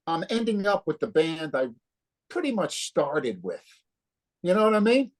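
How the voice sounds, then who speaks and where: A man's voice: on the high side, normal speed. A man in his fifties from New Jersey, a guitarist telling stories in a casual interview and acting out the dialogue with a lot of swearing. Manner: animated, profane storyteller acting out dialogue. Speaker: guest guitarist.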